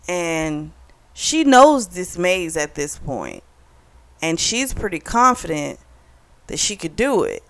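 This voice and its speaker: Woman chatting about a book she read, lower voice, gets animated and acts out the lines. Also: slow. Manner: animated retelling with quoted dialogue. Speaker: book reviewer. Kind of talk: casual book review chat.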